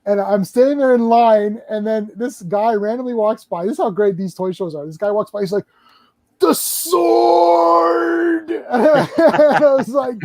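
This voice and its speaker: A high-pitched man with a mellow, dark tone, chatting as host of a casual podcast. He talks excitably, stumbling over restarts and acting out the voices of people in his stories. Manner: excitable, stammering restarts, acts out quoted voices.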